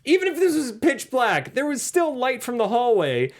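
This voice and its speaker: A man co-hosting a casual movie podcast, joking and swearing as he recaps scenes. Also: very high-pitched. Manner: animated, swearing, quick asides. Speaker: podcast co-host.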